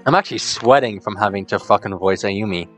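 A young woman doing let's play commentary, brash, excitable and swearing often. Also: very deep voice, a little fast, faint music behind. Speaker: gaming commentator.

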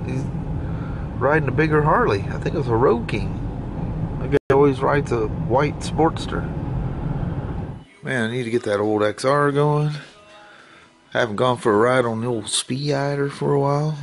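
A man chats easily in a daily vlog, rambling and chuckling as he goes. His voice sits at an ordinary middle pitch. There is a faint hum of noise behind him. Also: animated, moderate pace. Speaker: vlogger. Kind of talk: casual chat. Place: driving home, then at home outdoors.

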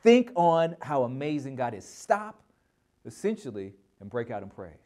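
A man preaching a Bible lesson in an energetic, emphatic way, often repeating words as he starts a phrase. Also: mid-range voice, moderate pace. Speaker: pastor teaching a Bible lesson. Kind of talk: sermon.

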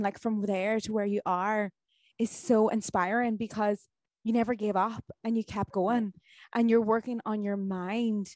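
A woman's voice: medium pitch, darkish tone, no room sound. Lady hosting a podcast, chatty and a bit emotional, dry sound. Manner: emotional, encouraging, rambling with fillers. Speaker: podcast host. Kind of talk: casual interview chat.

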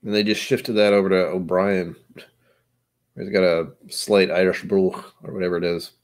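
An American man in his forties hosting a casual livestream chat, rambling and joking with frequent chuckles. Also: deep voice. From United States. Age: 40s. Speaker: livestream host.

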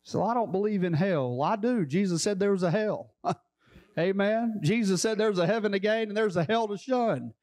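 A man pastor preaching a sermon in a church, fervent and repetitive, building up to shouts. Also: high-pitched, normal speed.

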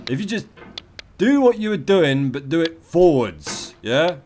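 A man doing comedic let's play commentary, profane and theatrical, yelling at the game and its maker. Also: on the high side, big pitch swings, measured pace, a little hiss or hum.

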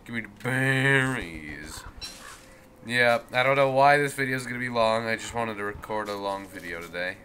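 A man from the United States rambling goofily through let's play commentary, his voice going hoarse. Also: lowish voice, fairly even intonation, quick pace, few pauses, pushed and bright, slight background noise. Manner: rambling, goofy, talks to the game. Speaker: gameplay commentator.

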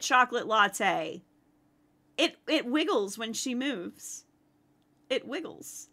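A playful woman game streamer with a high, lively voice that jumps around a lot. She talks in a bright, unhurried way, chatting with teammates and viewers and breaking into yelling when excited. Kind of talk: casual live-stream chat while playing.

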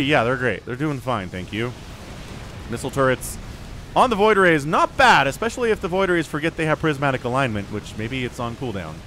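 A young man casting a strategy game match, excitable and rambling, laughing and shouting at big plays. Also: on the high side. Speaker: game caster. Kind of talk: esports commentary.

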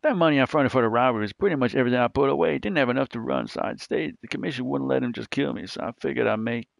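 A gruff middle-aged mob boss with a shaky attempt at an Italian accent, as a man reads the game's lines aloud. The voice sits low with a gravelly edge, recorded close and dry. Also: racing, no echo. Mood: grim. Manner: reading game dialogue aloud in character.

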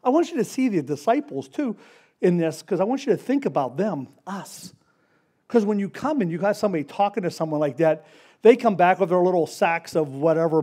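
A man preaching a casual, story-driven sermon, acting out the characters in quick voices. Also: sits high, darkish tone. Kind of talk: conversational sermon.

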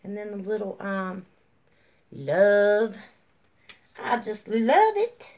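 A woman chatting casually as she shows off craft mail, gushing and drawn-out, sleepy and yawning. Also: medium pitch, big pitch swings, a little mellow. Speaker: craft vlogger. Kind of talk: casual show-and-tell chat.

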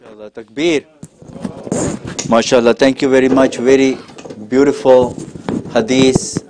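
A man's voice: medium pitch, little pitch movement, moderate pace. Man, host, closing remarks, leads chants, faint background noise. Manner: leads call-and-response slogans.

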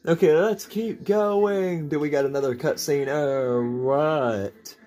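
A man's voice: on the high side, slow pace, dark tone, faint music behind. A man giving playful, joking commentary while playing a video game. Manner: playful, jokey, talks to himself while playing. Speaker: gameplay commentator. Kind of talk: let's play commentary.

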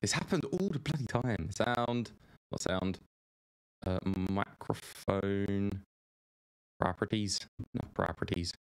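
A man with a low-pitched voice streaming a game live. He rambles along in a loose, chatty way and warmly calls out viewers by name as he plays. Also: slow pace, smooth. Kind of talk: live gameplay commentary.

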